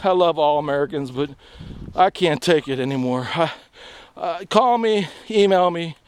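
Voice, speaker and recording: A middle-aged man vlogging outdoors on a trail, delivering an angry, rambling political rant to camera that rises into shouting. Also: fairly high pitch, lively intonation, normal speed, a little hiss or hum. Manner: ranting, shouting, rambling and repetitive.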